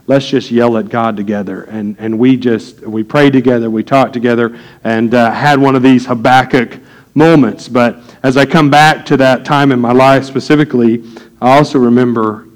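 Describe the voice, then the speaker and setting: A man preaching a sermon as pastor, earnest and building to loud, excited preaching. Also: mid-range voice, moderate pace, low-quality recording.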